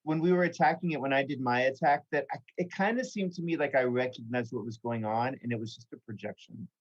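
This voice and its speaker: A man's voice: medium pitch, fast talker. A man who plays in a tabletop game, rambling hesitantly in casual chat. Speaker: player. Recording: dull lo-fi audio.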